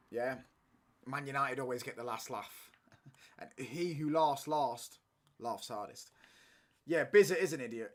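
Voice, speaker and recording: A young man, chatting casually through a football watchalong stream in slangy banter, ending lines with "mate" and "bro". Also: medium pitch.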